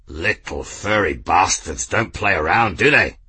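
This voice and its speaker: A man voicing a burly, blunt male sailor who talks loudly and roughly. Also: low-pitched, animated, unhurried, full character voice.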